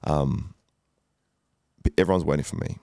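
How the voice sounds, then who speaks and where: Podcast guest: very low, gravelly man, candid and emotional, swears freely, dry sound. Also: normal speed, dark tone, no echo. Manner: emotional, swears often, many fillers. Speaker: guest entrepreneur. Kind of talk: candid storytelling chat.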